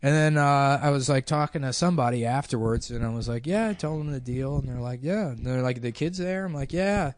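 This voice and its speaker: A young man talking through a long story on a podcast, full of fillers and "like"s, with a middle-pitched voice. His mic is close and dry, with no room sound around him. He keeps a loose, conversational pace. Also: a little fast, few pauses, no room sound. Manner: rambling, filler-heavy anecdote with quoted voices. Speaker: podcast host. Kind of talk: casual storytelling chat.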